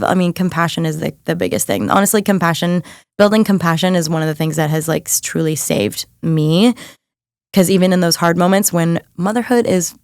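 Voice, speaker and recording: A woman's voice: fairly low pitch, a little mellow, no room sound, studio quality. A young woman, a coach and guest on a podcast, talking casually and earnestly with many "like"s as she encourages listeners. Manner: chatty, fills with "like", earnest and encouraging. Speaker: guest, mindset and nervous system coach.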